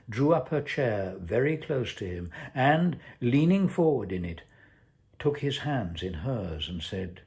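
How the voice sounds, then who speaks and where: A man, an actor, reading his own short story aloud in a measured, deliberate way. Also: fairly low pitch, gravelly, a little mellow. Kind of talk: scripted story narration.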